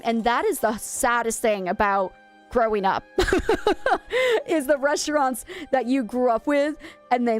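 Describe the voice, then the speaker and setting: A young woman from Maine chatting casually with viewers while she streams a game, wistful and rambling, often correcting herself mid-sentence. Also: high voice. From USA (Maine).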